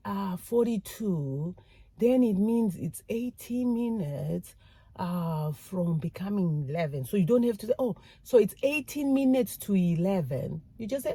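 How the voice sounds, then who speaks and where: A woman's voice: mid-range voice, slow pace, dark tone, dry recording, rough recording. A woman vlogger telling stories about learning to speak the way people do in her new country, acting out little dialogues and laughing as she goes. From outside the US. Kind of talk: casual storytelling to camera.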